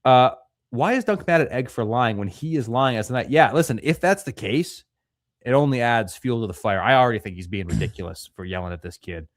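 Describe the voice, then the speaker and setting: A man's voice: medium pitch, animated, fairly quick, no echo, clean studio sound. A young man co-hosting a casual livestream, reading viewer messages aloud and answering with crude jokes. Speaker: livestream co-host reading superchats.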